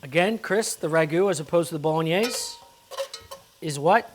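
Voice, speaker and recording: A man's voice: fairly high pitch, moderate pace, a little hiss or hum. A man hosting a cooking show, explaining each step in a casual, crude, joking way from a kitchen.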